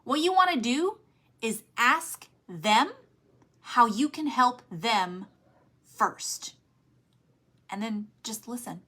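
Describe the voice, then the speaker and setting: A woman giving motivational sales coaching in an energetic, emphatic way, telling listeners what to do. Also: on the high side, slow pace, long pauses. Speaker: network marketing sales trainer.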